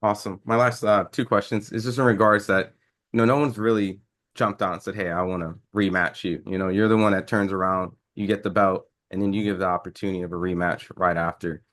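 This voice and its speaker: A man's voice: low voice, fairly even intonation, fairly quick, fairly bright tone. A man interviewing a fighter, asking long, hesitant questions full of "um" and restarts.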